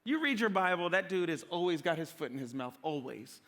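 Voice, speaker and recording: A man's voice: a little high, very animated, brisk, a bit bright. A middle-aged male pastor preaching a sermon in a conversational, slangy, joking storytelling way.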